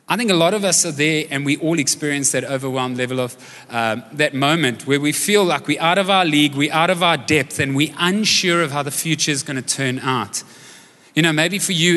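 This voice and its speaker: A man's voice: fairly high pitch, brisk, fairly bright tone. A man from South Africa preaching a sermon live, telling personal stories in a conversational, joking way and asking his audience questions. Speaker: pastor. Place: church auditorium, live service. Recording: long hall reverb from a live service.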